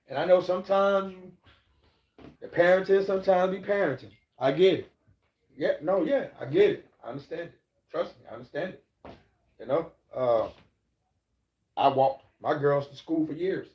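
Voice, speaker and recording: Casting: middle-aged male streamer, fairly high voice, rambling and profane, echoey lo-fi room. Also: expressive, normal speed, long pauses. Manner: loose and profane, rambling, preachy asides. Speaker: live streamer. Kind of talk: casual live-stream talk. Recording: echoey, dull lo-fi room sound.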